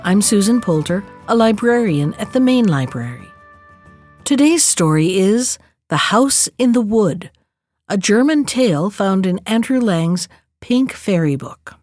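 Woman librarian, fairy-tale read-aloud, clear and even, dry close sound. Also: medium pitch, a little slow, dry recording, faint music behind. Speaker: librarian and storyteller. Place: library recording.

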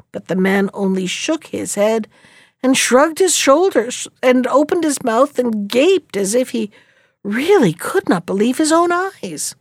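A woman reading a fairy tale aloud in an expressive, unhurried storytelling manner. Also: fairly high pitch, no room sound, studio quality.

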